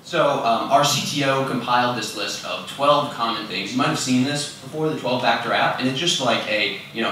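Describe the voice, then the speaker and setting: A man's voice: mid-range voice, moderate pace, hardly any pauses, pushed and bright, distant mic, slight background noise. A young man giving a casual conference talk, chatty and self-deprecating, with lots of fillers, moving around away from a fixed microphone. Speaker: conference speaker. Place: large conference room. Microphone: fixed microphone, speaker moving around. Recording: roomy, from off-mic at times.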